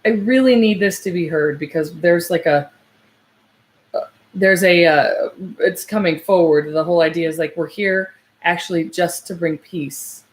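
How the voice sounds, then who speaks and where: Her voice sits on the low side as she works as a psychic medium in a live reading. Halting and full of fillers and false starts, she softens and slows whenever she delivers a message.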